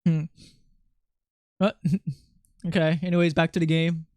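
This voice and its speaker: A gamer on a livestream rambles excitedly through a voice changer, laughing frequently and answering chat. Pitch sits in the middle, the pace is slightly slow, and the tone is clear and resonant without any echo.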